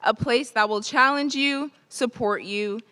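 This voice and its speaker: A woman with a slightly high voice is emceeing a ceremony. She reads the announcements in an upbeat, formal way, welcoming the audience and introducing the next speaker. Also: measured pace, bright, forceful tone, clear, resonant tone, long reverb tail.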